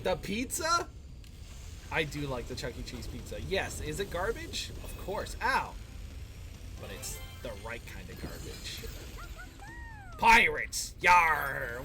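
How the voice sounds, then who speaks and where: A man live-streaming a video game, reacting with excited yelps and exclamations. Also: fairly high pitch, background noise. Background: game music.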